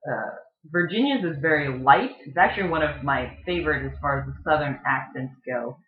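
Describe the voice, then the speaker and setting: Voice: medium pitch, a little fast. A speaker giving a casual educational explanation, thinking aloud with frequent ums and uhs. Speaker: online explainer. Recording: echoey room, slightly dull lo-fi sound.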